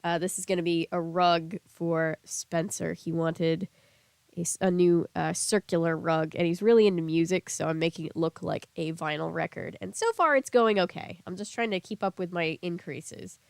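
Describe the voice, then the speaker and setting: A woman's voice: fairly low pitch, normal speed, creaky, a little mellow, clean tone, no room sound. A young woman streamer chatting casually with her viewers, sounding a little sick with a lingering cough and laughing often. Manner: chatty, laughs often, reads chat aloud. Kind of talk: casual live-stream chat.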